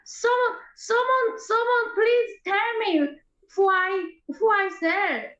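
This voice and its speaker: A woman's voice: extremely high pitch, slow pace, a bit bright, roomy sound, muffled recording, full character voice. A woman playing an eager little girl selling cookies, in broken childlike English, in an online improv comedy show. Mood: pleading. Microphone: computer mic on a video call.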